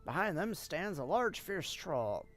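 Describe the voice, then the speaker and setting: Brief: streamer narrating a game, slow and lilting, faint music underneath. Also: medium pitch. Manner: unhurried, expressive reading with asides. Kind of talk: reading a game's narration aloud on a live stream.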